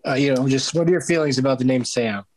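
A man's voice: medium pitch, fast, darkish tone, dry recording. A man hosting a podcast in casual chat, rambling and hesitant with lots of fillers. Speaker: podcast host.

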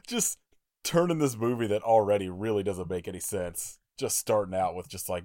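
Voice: low voice, moderate pace, a little mellow. A podcast co-host in casual horror-film chat, laid-back and wry.

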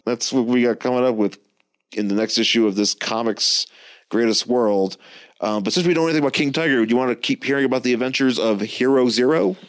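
A man's voice: medium pitch, fast talker. Casting: male podcast co-host, rambling comic book recap, loose and chatty. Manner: rambling, frequent restarts, animated retelling. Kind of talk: casual comic book discussion.

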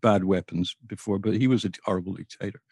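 An older man, a podcast guest, telling anecdotes in an animated, storytelling way. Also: low-pitched, quick pace, vocal fry, breathy edge, no echo, studio quality. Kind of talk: podcast interview.

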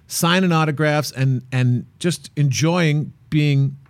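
A man's voice: fairly high pitch, slow, dry recording. A man telling a playful travel story. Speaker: co-host of a travel show. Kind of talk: casual chat.

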